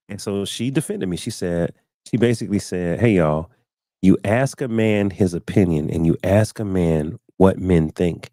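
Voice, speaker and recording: A man's voice: low-pitched, normal speed, warm tone, no echo, clean studio sound. A man hosting a casual live-stream talk show, telling stories and acting out what other people said, often repeating words as he finds his thought. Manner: storytelling, acting out quoted people.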